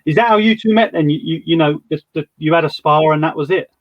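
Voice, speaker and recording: A man's voice: fairly high pitch, fast talker, dry recording. A man hosting a podcast, chatty, asking long wind-up questions. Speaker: podcast host. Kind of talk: casual interview chat. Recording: dull dry lo-fi sound.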